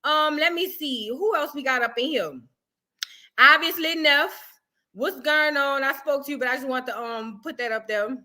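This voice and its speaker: A high-pitched woman with a New Orleans accent, hosting a loose livestream chat. Her voice is bright and forward, and she talks in an animated, playful way as she greets her viewers one by one. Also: moderate pace. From New Orleans, Louisiana. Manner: animated, playful, calls viewers boo and girl. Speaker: livestream host.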